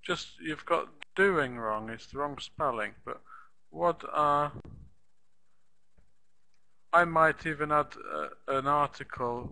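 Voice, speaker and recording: A male English teacher leading a live online class. His voice is bright and forward, and he speaks slowly and deliberately. He models phrases over and over for the students to copy. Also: on the high side, vocal fry, low-quality recording. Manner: slow, patient explaining with repeated model phrases.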